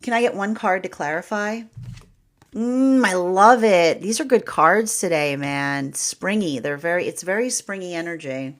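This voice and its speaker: A woman's voice: on the low side, animated, unhurried. A woman giving a rambling livestream tarot reading, often acting out imagined inner voices and breaking into laughs. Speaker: tarot reader.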